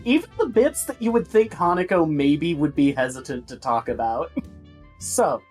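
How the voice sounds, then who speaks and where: A woman's voice: sits low, lively intonation, moderate pace, darkish tone, husky, faint music behind. A woman playing in a tabletop game, chatting in a laid-back, rambling way. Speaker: player. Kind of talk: casual tabletop game chat.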